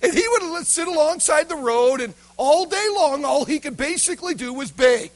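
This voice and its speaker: A man preaching a sermon, telling a story dramatically, swinging from loud shouts to near whispers. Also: very high voice, expressive, normal speed, low-quality recording.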